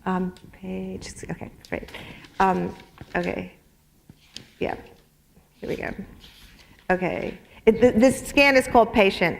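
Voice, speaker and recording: Brief: middle-aged woman author, halting speech with restarts, reads aloud from her own memoir on stage. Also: mid-range voice, creaky, slight background noise. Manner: halting, repeats words when speaking freely. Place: public library stage.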